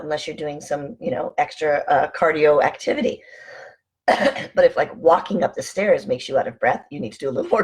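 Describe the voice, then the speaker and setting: A woman vlogger giving casual motivational talk, calmly encouraging listeners to breathe and slow down. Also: lowish voice, creaky, husky. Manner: calm, encouraging, coaching listeners through breathing. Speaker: wellness vlogger.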